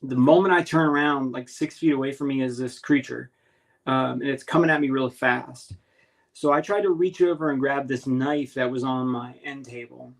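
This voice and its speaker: A man earnestly recounting a strange encounter in casual talk, halting and restarting as he searches for words. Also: mid-range voice, steady tone, creaky, poor audio. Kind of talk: casual spoken storytelling.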